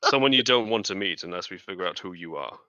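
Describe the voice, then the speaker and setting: A man's voice: deep voice, expressive, fast, bright, forceful tone, smooth, no room sound, muffled recording. A man voicing a curt, distrustful wasteland survivor. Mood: suspicious.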